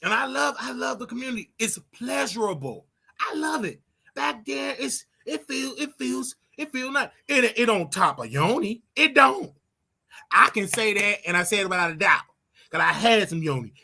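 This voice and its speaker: A flamboyant man rants casually on a livestream. His voice is bright and gravelly, with some husky breath in it. His pitch swings widely and he breaks into sing-song yelps. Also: very animated, moderate pace. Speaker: online preacher commentator.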